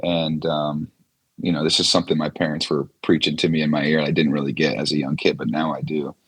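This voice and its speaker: A man in his twenties, a former quarterback, telling stories as a guest in a casual interview, relaxed with many fillers. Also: extremely low pitch, fast, husky.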